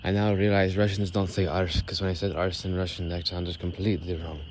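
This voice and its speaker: A man vlogging as he walks outdoors, talking in an unhurried, wordy and self-amused way that sometimes drifts into soft murmurs. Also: low-pitched, flat delivery, a little hiss or hum. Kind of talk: rambling walk-and-talk monologue. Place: outdoors on an evening walk.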